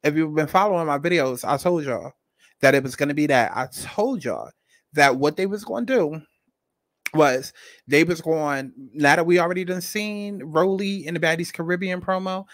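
A man's voice: fairly high pitch, moderate pace, a bit bright, no echo. A man hosting a commentary channel, talking bluntly and straight to his viewers. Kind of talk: casual commentary.

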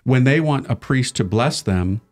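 A man's voice: mid-range voice, lively intonation, moderate pace. Chatty, self-deprecating male priest. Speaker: Catholic priest. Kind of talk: casual conversation.

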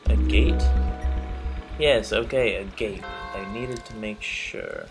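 A man giving playful, excitable live commentary on a video game he is playing, with joking mock-tough boasts. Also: on the low side, slow, gravelly, low-quality recording. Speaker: let's play gamer. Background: loud game music.

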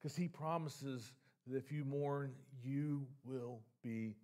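A man's voice: medium pitch, takes it slowly, mellow. A man preaching a sermon as pastor. He talks in a conversational way and often repeats words and restarts his sentences. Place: church sanctuary.

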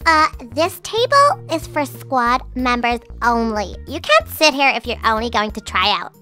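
A woman's voice: a little high, very animated, unhurried, bright, forceful tone, faint music behind, full character voice. A woman voicing a snooty, mean teenage cheerleader girl who talks in a sneering, dismissive way.

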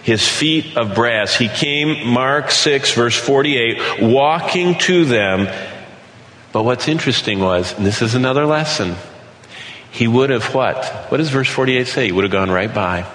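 A middle-aged man preaching a Bible sermon, animated, asking questions and then answering them himself. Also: medium pitch, a little slow. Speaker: Bible teacher. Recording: echoey hall with long reverb.

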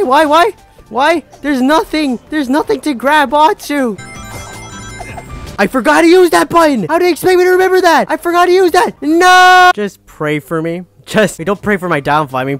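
A man playing a hard video game, narrating with exasperated frustration, muttering and then shouting. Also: on the high side. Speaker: gaming YouTuber. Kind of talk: let's play commentary.

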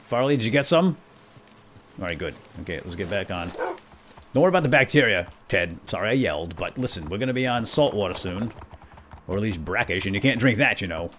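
A man speaks a little fast in a lowish, somewhat bright voice with lively intonation, and there's a slight hiss or hum. He's a gamer doing comedic role-play as a pompous, bumbling knight chattering at his animal companions, with faint music behind him.

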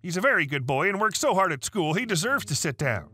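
Male tts voice doing entitled middle-aged woman, flat reading, high bright tone, faint music. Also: fast talker, full character voice.

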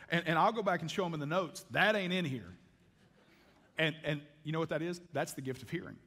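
Folksy preaching pastor in a church hall. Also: male voice, a little high, fairly bright tone. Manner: folksy, emphatic preaching with frequent restarts. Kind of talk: sermon. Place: church sanctuary. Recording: long reverb of a church hall.

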